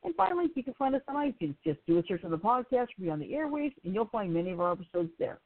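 A woman co-host talks with a lively, swooping pitch and an upbeat manner. Her voice comes through thin and narrow, like a phone-line call into an internet radio show. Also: quick pace, no room sound. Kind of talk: casual chat, signing off the show.

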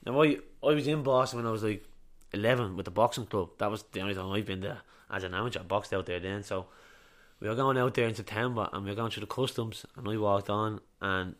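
A young Irish man, a boxer, telling stories in a casual interview, chatty and quick to swear. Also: on the low side. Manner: rapid, chatty, swears freely, repeats itself. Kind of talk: casual chat, storytelling.

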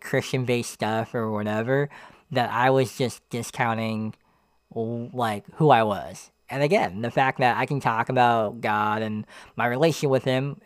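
Young man, podcast host, casual rambling monologue, earnest, self-deprecating, smooth clear voice, dry close sound. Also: mid-range voice, no room sound. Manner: rambling, many fillers like "like" and "you know".

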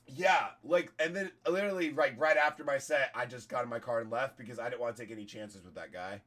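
A hoarse-voiced man, a comedian, telling a story in casual, profane podcast chat. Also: medium pitch, quick pace, a bit bright.

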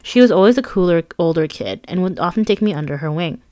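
A woman's voice: fairly low pitch, expressive, fast talker, mellow, no room sound. A woman narrating her own memoir with a candid, wry, conversational manner.

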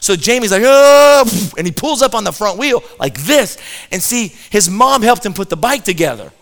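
High-voiced man telling an animated story. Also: fairly quick. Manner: animated, repeats words when starting sentences. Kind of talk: comic storytelling to an audience.

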